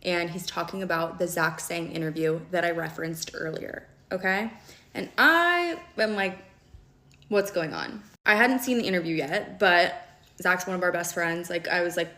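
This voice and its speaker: A young woman tells her story in a casual vlog, rushing along and stopping to ask "okay?" Her voice sits a little low for a woman. The room around her is echoey. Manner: animated, fast and conversational, heavy use of "like" and "okay?". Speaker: storyteller recounting a relationship.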